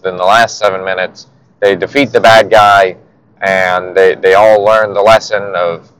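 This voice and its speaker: Low-voiced male podcast host, rambling and profane, recorded on a headphone mic. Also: poor audio. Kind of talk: casual podcast monologue.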